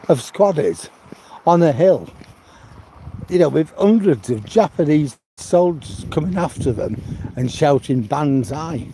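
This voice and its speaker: A man's voice: on the high side, warm tone. Chatty man walking outdoors. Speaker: live-stream host. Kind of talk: casual chat while walking. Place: outdoors on a rural walk. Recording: outdoor noise with passing vehicles.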